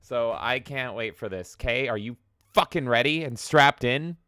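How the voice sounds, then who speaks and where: A man co-hosting a gaming podcast in a casual chat, excitable and quick to swear, with rapid exclamations. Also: mid-range voice, clean tone, dry recording, studio quality. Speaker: podcast co-host.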